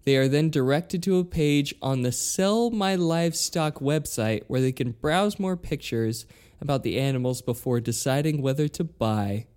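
Playful podcast co-host with a lively voice. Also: medium pitch, normal speed, clean tone. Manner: playful, reads headlines aloud with teasing relish. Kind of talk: casual chat.

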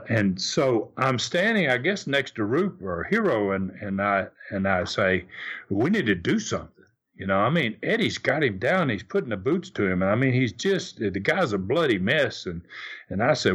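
An older man, a former wrestler and interview guest, telling a story in a halting way, often repeating words as he goes. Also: fairly low pitch, fairly bright tone, slightly rough.

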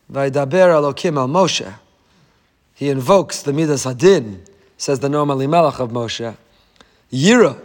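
Impassioned high-voiced preacher man, reverberant hall. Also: big pitch swings, moderate pace. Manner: impassioned, dramatic delivery that swings between loud and hushed. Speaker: rabbi. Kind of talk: sermon.

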